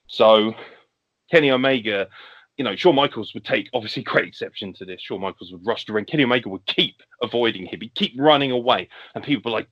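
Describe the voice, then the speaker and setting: A man's voice: lowish voice, quick pace, a bit bright. A man on a podcast, animatedly laying out a fantasy wrestling show and acting out the wrestlers' lines. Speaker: podcast guest. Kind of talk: casual podcast chat, fantasy wrestling booking. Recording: lo-fi podcast audio.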